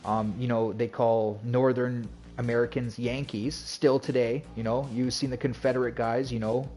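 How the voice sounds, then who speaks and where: A man's voice: mid-range voice, little pitch movement, moderate pace, darkish tone, faint music behind. A man streaming and chatting casually to viewers, telling a rambling story with restarts and laughs. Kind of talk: casual chat.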